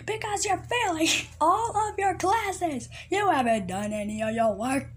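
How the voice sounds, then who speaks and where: A woman voicing a loud, hot-tempered father in a puppet comedy skit, yelling taunts. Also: expressive, unhurried, slight background noise. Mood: angry taunting. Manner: yells taunts in a high, swooping voice.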